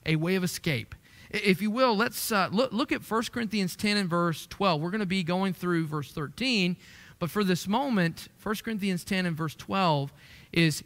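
A man's voice: high voice, sharp tone. A man preaching a sermon in a conversational way, lifting his voice to stress the verses he quotes. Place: church sanctuary. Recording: echoey church hall.

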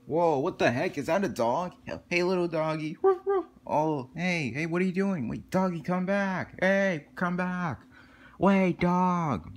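A man's voice: high-pitched, unhurried. A man voicing a young boy chick who whines and grumbles to himself in a home-made puppet movie. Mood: excited. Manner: whiny and grumbling, muttering to himself. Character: whiny young boy chick, easily bored and sulky. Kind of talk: hobby home-movie role-play.

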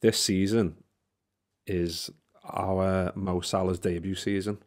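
A man's voice: sits low, level tone, slow pace, darkish tone. Man, 30s, casual podcast chat, swears a lot, restarts sentences. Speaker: podcast host.

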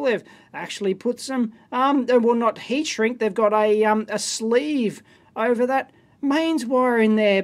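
High-voiced middle-aged man, bluntly scornful. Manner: exclamatory and bluntly scornful, rambling with many asides. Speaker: electronics video host. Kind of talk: casual unboxing commentary.

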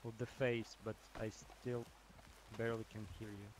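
A man's voice: lowish voice, little pitch movement, moderate pace. A man chatting with a fellow player over game voice chat, making dry, sarcastic jokes. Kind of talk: casual gaming chat over voice chat.

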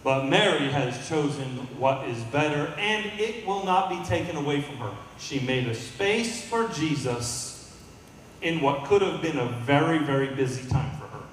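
Preaching at a moderate pace in a sanctuary, a male pastor with an expressive voice on the high side draws responses from his congregation. It's recorded from a distance in an echoey hall, with slight background noise.

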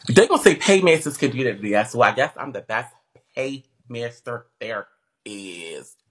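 A woman's voice: rumbling low, animated, moderate pace. A woman livestreamer ranting at her viewers in a brash, profane and confrontational way, mocking the comments.

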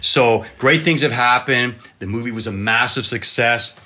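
A man in his fifties, a cameraman guest telling animated, excitable stories full of exclamations. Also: medium pitch, moderate pace. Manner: excitable, dramatic storyteller with exclamations and laughs.

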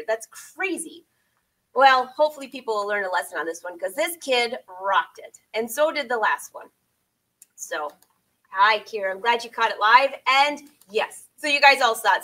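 A woman's voice: on the high side, pushed and bright, low-quality recording. A middle-aged woman chatting casually with viewers from her sewing studio, rambling and laughing often. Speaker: sewing vlogger and pattern designer. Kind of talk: casual live chat with viewers.

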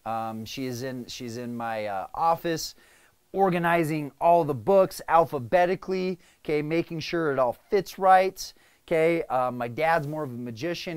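Man, business coach, casual vlog talk, medium pitch, conversational check-ins. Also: clear, resonant tone. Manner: conversational, frequent "right?" and "okay?" check-ins.

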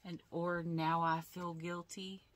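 A woman's voice: lowish voice, little pitch movement, slow. A woman mimicking a whiny self-pitying woman. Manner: whining, mock-innocent.

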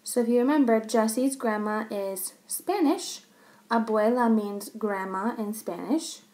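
A woman reading a children's story aloud, pausing to explain things to young listeners. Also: fairly high pitch, darkish tone.

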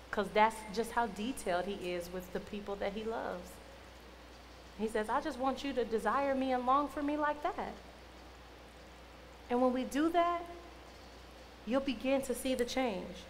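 A young woman youth minister preaches casually to teens in a higher-pitched voice. Her talk is playful and teasing, and it rings out with a long reverb under faint noise. She sounds like she is in a church hall. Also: a bit bright.

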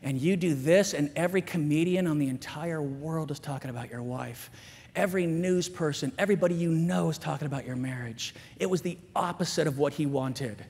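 A man in his forties giving an animated chapel sermon to students, swinging between loud emphatic lines and hushed asides. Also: fairly high pitch, fairly quick, slightly rough. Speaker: guest chapel speaker. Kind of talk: energetic chapel sermon with storytelling. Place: school chapel, large room. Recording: long hall reverb.

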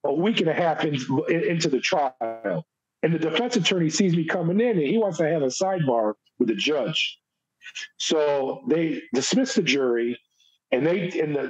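A man's voice: fairly high pitch, husky. A middle-aged American man, a former prison officer, telling his story bluntly and emphatically as a podcast guest. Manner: emphatic, blunt storytelling, acts out quoted people. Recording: dull lo-fi audio.

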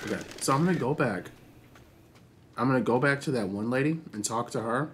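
A young man casually commenting on his own gameplay, chatty and excitable, swearing freely and reacting loudly to what happens on screen. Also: medium pitch, fairly quick, slight background noise. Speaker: gaming channel host.

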